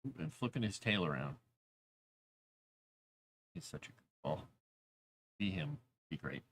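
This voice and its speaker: A man's voice: low-pitched, very animated, measured pace, a bit bright. A man chatting casually on a live stream while writing fantasy lore, rambling, talking to his cat and reading chat aloud.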